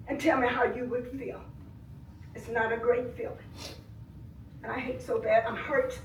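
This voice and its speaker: An older woman giving impassioned public comment at a board meeting, swinging between soft grief and loud anger. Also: a little high, fairly even intonation, moderate pace. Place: village board meeting room. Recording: echoey room, voice from far off.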